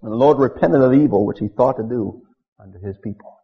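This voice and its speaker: A middle-aged man preaching a sermon. He reads scripture emphatically and builds to loud declamation. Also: medium pitch, fast talker. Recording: dull lo-fi church recording.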